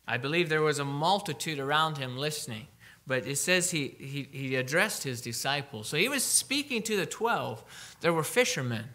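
A man preaching a sermon, emphatic, slowing down to read scripture aloud. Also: a little high, expressive, bright, forceful tone.

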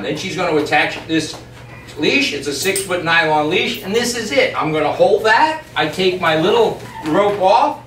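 A man training a dog on camera, explaining each step calmly and emphatically and breaking off to speak to the dog. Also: high voice. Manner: calm, emphatic, talks to the dog in between. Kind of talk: on-the-spot training demonstration. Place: yard and doorway of a house. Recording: distant, echoey camera audio with background noise.

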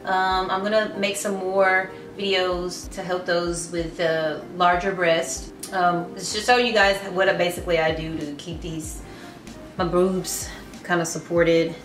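A chatty woman talks to camera in a casual fitness vlog, often restarting her sentences. Her voice sits on the low side, a little distant from the mic in an echoey room. Light music plays faintly behind her. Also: little pitch movement, unhurried. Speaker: fitness vlogger.

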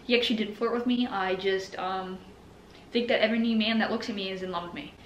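A woman's voice: mid-range voice, steady tone, fast, highs cut off, a little hiss or hum. A young woman vlogging casually at home, scattered and self-mocking. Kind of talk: casual talking to camera. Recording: echoey room with faint ambience.

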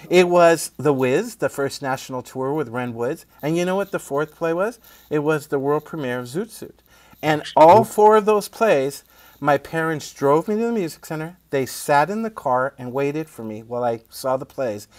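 Guy middle-aged telling stories, laughs a lot, keeps saying right, kinda high voice, dry close sound. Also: moderate pace, no room sound. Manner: animated storyteller who laughs often and asks "right?". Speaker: guest playwright and poet. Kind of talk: casual conversation.

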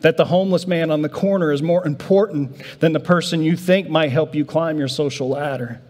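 A man preaching a sermon as pastor, telling the story with lively acted-out voices of the disciples. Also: a little high, brisk, big-room sound. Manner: animated storytelling, voicing disciples in a raised voice. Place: church sanctuary.

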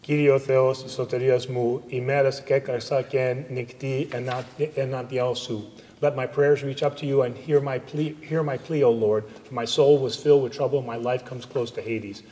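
A man serving as liturgical reader, reciting psalms in a steady, even manner at a church service. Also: mid-range voice, moderate pace. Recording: long church reverb on a livestream.

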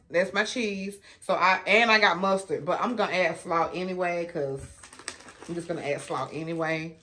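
Woman vlogger, forties, casual storyteller, warm and chatty. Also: mid-range voice. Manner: chatty, addresses viewers as y'all, laughs often. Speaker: food vlogger.

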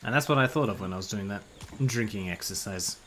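A man's voice: lowish voice, fast talker, fairly bright tone, slight background noise. A man, giving casual gameplay commentary as a streamer, swearing freely and laughing often.

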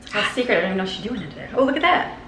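A woman's voice: animated, rapid-fire, fairly bright tone. A middle-aged woman and mother chatting casually and cheerfully as she films a home vlog from the kitchen and basement, held on a handheld camera. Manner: chatty, upbeat, talks to her dogs in a high sing-song voice. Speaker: vlogger, mother. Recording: noisy home recording.

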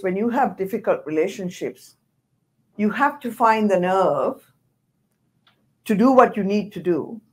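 Older woman, lively storyteller. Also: mid-range voice. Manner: lively storyteller, laughs through points. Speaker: panel guest, former university president. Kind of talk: anecdotal panel talk.

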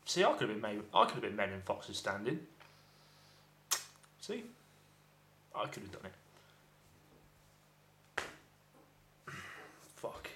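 A man's voice: on the low side, big pitch swings, slow pace, pauses often, a bit bright. A man giving a rambling, profanity-laced film review, often exasperated. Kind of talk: casual ranting film review. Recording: echoey room.

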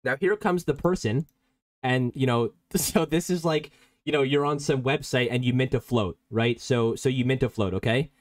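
A man's voice: mid-range voice, normal speed, dry recording, studio quality. A man teaching a live online coding workshop in a casual, rambling way, reacting to chat and prone to giggling. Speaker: workshop instructor.

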